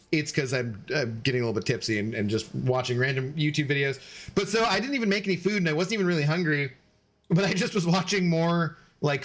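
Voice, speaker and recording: A man's voice: a little high, fairly bright tone. A man streaming a game, rambling casually and answering viewers' chat messages as he plays. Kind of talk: casual live-stream chat while gaming.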